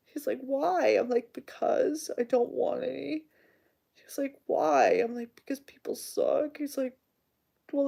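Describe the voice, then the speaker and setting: A woman's voice: sits high, gravelly. A woman in her forties, a radio show host, telling a rambling story in casual chat and acting out the dialogue. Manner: rambling, animated, acts out quoted dialogue.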